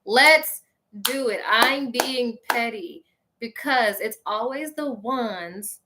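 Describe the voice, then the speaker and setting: A woman's voice: on the high side, slow, heavy background noise. A woman hosting a show and delivering a casual, sassy comedic rant straight to her listeners, laughing often along the way. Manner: sassy, petty, animated ranting. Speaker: podcast host.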